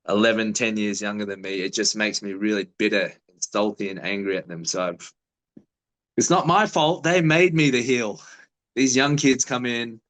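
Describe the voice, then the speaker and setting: A man in his thirties talks in an easygoing, slightly low voice, swearing freely as he rambles through stories. He is a fighter chatting casually in an interview, unhurried and offhand. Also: fairly bright tone, poor audio. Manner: laid-back, swearing storyteller.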